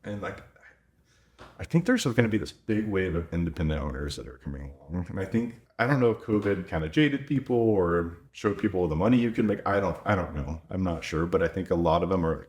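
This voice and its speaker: Vet in his thirties, very low voice, casual and anecdotal, chatty with lots of "like". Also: lively intonation, fairly quick, darkish tone. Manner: chatty, quotes himself and others, lots of "like". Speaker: veterinarian and clinic owner. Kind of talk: casual podcast storytelling.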